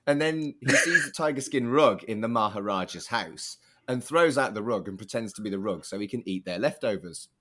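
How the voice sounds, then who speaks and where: A man hosting a podcast and telling stories in a relaxed, chatty way, swearing now and then. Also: on the low side, a little fast, hardly any pauses. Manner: lively storytelling, swears casually. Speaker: podcast host. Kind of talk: casual podcast chat.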